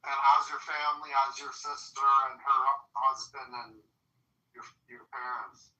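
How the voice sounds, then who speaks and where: A man chats casually, asking relaxed, hesitant questions about family and visits. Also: mid-range voice, unhurried. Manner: laid-back, hesitant questions. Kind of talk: casual phone-style chat. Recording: echoey room, distant mic.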